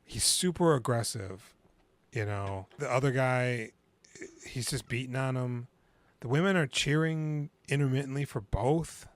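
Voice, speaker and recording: A man co-hosting a podcast, casually retelling a film's plot and acting out the characters' lines. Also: measured pace. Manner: animated retelling, acting out lines in high put-on voices. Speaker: podcast co-host. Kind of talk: casual movie recap chat.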